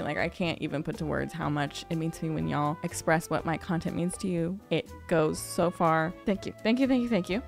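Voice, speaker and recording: A young woman hosting a let's play, chatting casually and gushing warmly at her viewers. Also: fairly high pitch. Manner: bubbly, gushing, addresses viewers as y'all. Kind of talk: casual gameplay commentary.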